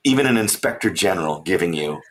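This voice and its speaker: A man, an author and traveler, telling a travel story as a guest in an interview, animated and laughing often. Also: deep voice, fast talker.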